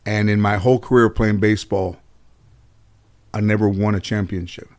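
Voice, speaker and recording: A middle-aged man from the Los Angeles area, a talk show host telling comic stories about his childhood, animated and swearing freely. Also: on the low side, moderate pace, clean tone. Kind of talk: comic storytelling.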